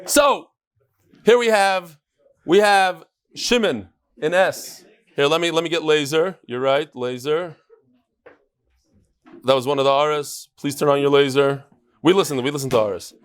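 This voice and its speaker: Lively man teaching a Talmud class. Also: a little high, unhurried, pauses often, smooth. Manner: animated, joking, explains with a chart and laser pointer. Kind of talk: daily Talmud class lecture.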